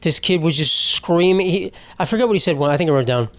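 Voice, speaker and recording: A man's voice: on the high side, animated, fast talker, no room sound. A man hosting a podcast, telling rambling, profane comic stories and laughing at his own jokes. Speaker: podcast host. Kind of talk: rambling comedic monologue.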